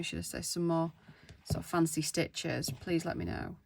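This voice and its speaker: A woman's voice: low voice, normal speed, gravelly, a little hiss or hum. A woman in her thirties, chatting casually and self-deprecatingly to viewers as she works on a craft project at home. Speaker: craft vlogger. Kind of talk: casual craft-along chat.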